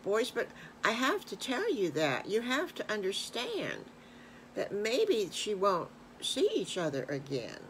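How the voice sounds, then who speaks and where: An older woman voicing a gentle, caring mother pig in a told bedtime story, soft, soothing and unhurried. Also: medium pitch, wildly swooping pitch, a little hiss or hum, pitched above the performer's own voice, exaggerated voice.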